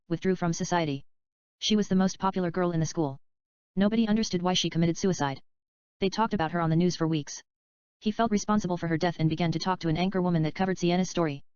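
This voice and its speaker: A woman reads a story script aloud in a plain, measured way. Her voice sits a little low and comes across smooth and clear. The recording is dry and close, with a dull, slightly lo-fi sound. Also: a little mellow, no room sound. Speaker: audiobook reader. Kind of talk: plain scripted reading with speaker names read aloud.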